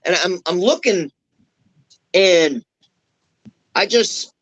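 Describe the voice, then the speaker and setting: A man's voice: sits high, slow pace, dull audio. A man on a podcast telling a long story in casual, profane talk, acting out the dialogue as he goes. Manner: profane, animated, acts out quoted dialogue. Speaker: wrestler guest.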